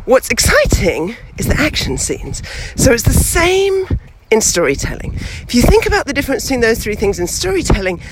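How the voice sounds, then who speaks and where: Lively, chatty woman teaching outdoors. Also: a little high, moderate pace, few pauses, background noise. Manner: lively and chatty, with many fillers. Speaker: storytelling teacher, podcast host. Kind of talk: casual instructional talk. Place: outdoors, walking with a baby past traffic.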